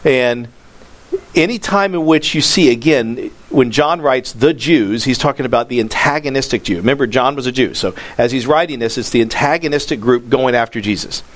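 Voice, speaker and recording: Man preaching conversationally. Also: mid-range voice. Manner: conversational preaching that rises in emphasis on quoted lines. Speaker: pastor. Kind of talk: sermon.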